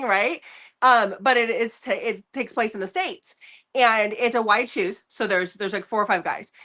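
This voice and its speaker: A woman co-hosting a book review show, talking in an animated, rambling way and laughing often. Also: a little high. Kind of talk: casual chat.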